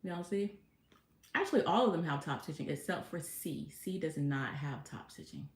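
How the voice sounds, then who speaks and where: A woman's voice: low-pitched, animated, normal speed. A woman hosting a casual sewing livestream, chatting to herself and reading viewer comments aloud as she works. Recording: echoey room with faint noise.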